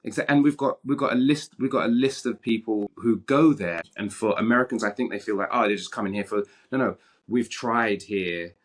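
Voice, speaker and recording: A British actor speaking as a guest in an interview, frank and animated, often restarting his sentences. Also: medium pitch, normal speed. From Britain. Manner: frank and animated, with many repeated starts. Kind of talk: candid interview conversation.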